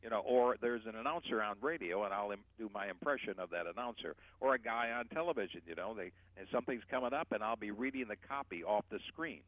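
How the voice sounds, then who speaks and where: A man's voice: on the low side, quick pace, few pauses, dry recording. Man explaining voice care over a phone line. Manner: explanatory, demonstrates speech patterns. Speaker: voice coach guest. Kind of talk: casual radio talk.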